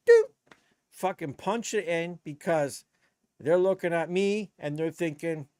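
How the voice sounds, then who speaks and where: A man's voice: a little high, unhurried, a little mellow, clean tone, dry recording, studio quality. A man, a DJ chatting on his live stream in a blunt, rambling, profane way. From Canada. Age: 50s. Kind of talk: casual live-stream chat.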